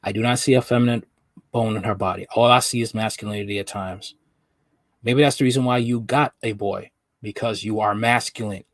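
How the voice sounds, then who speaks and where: A man's voice: fairly low pitch, fairly even intonation, a little fast, dry recording, clean studio sound. A man hosting a reaction commentary, talking in an emphatic, lecturing way and repeating his points. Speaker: host.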